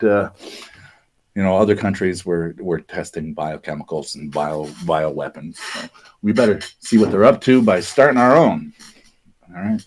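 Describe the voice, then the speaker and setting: A man's voice: deep voice, a little mellow. A man hosting a live talk show, reading out history in a casual, joking way with lots of fillers and restarts. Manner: conversational, jokey asides, frequent fillers and restarts. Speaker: show host presenting research. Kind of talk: casual podcast commentary.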